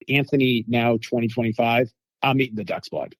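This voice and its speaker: A man telling lively food anecdotes as a guest in a casual interview, acting out quotes from people he met. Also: medium pitch, normal speed, no room sound. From United States. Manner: animated anecdotes with quoted voices.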